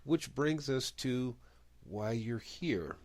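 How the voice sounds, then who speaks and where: A man's voice: mid-range voice, animated, slow pace. A middle-aged man from the United States, hosting a radio interview in a chatty, rambling way, often correcting himself as he talks. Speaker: radio show host.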